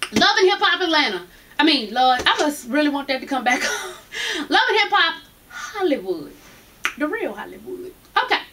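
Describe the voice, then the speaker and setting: A young woman dishes on reality TV. Her voice is high and bright, and she stays brash and profane, breaking into laughter often. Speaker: reality TV recap vlogger. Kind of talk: casual gossip review.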